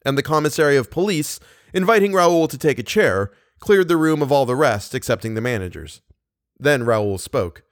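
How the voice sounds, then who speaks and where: A man narrating an audiobook in an expressive, steady storytelling manner. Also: medium pitch, moderate pace, no room sound, clean studio sound. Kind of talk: scripted narration.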